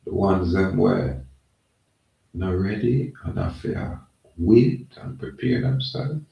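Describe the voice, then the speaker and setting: A man's voice: animated, lo-fi sound. A man with a Jamaican accent talking in a loose, rambling monologue, often saying "yeah, man". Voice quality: gravelly, low and slow. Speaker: channel host. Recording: echoey room, mic at a distance.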